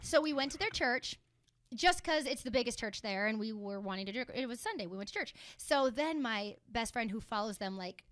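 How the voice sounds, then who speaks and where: A high, sing-song young woman from Texas chats as a studio guest. She talks in an animated, chatty way, and her voice leaps up and drops down as she tells a story. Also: fairly quick, no echo. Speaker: guest fashion designer. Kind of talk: casual chat, storytelling.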